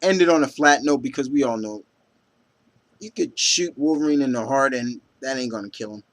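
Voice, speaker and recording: A man hosts a casual comic book review vlog at a middle pitch. He rambles, fills gaps with ums and "you know," and stumbles over creators' names. When he reads favorite lines aloud, he gets audibly excited. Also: normal speed. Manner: reads out comic quotes with enthusiasm.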